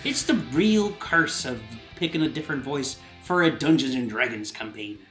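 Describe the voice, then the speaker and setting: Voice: medium pitch, expressive, normal speed, a bit bright, soft background music. Playful co-host in an echoey room. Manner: playful, teasing. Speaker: podcast co-host. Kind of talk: casual chat.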